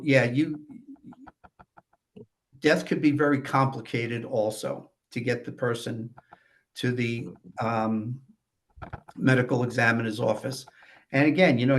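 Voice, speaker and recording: A man's voice: medium pitch, slight background noise. A man from New York, a guest on a podcast, telling stories from death investigations in a matter-of-fact way, often adding "you know.". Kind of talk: casual storytelling conversation.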